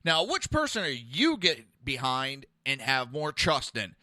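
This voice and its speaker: A man's voice: medium pitch, wildly swooping pitch, measured pace, pushed and bright, no echo, clean studio sound. A man hosting a podcast, delivering an aggressive, profane, mocking political rant. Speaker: podcast host.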